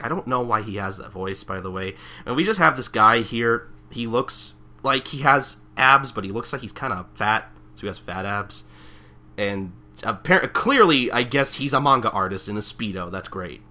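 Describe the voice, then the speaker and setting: A man's voice: lowish voice, moderate pace. A man co-hosting a podcast, recapping a manga chapter in a rambling, casual way with lots of fillers. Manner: rambling, many fillers, lively. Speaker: podcast co-host.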